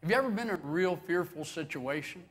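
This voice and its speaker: A man preaches as pastor in a high, animated, slightly rough voice, talking fast. He animates his stories and plays out the quotes with chuckles, his words ringing in a reverberant church sanctuary.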